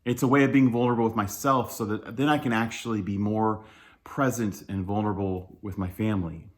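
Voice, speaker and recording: Candid, lowish-voiced male church speaker. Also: fairly even intonation, fairly quick. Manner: candid, self-deprecating, chuckles often; loose with many fillers and restarts. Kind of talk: conversational sermon.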